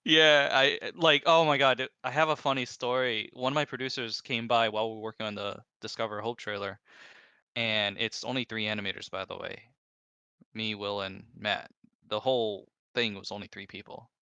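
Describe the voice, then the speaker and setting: A man telling lively work stories in casual chat, bursting into high mimicked voices. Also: normal speed, smooth, no echo, lo-fi sound. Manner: animated storyteller, mimics coworkers in high squeaky voices. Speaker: animator guest.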